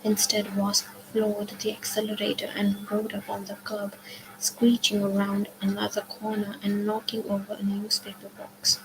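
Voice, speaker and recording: A woman reading a novel aloud, softly and often half-whispered. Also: medium pitch, monotone, normal speed, vocal fry, background noise. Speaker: book reader.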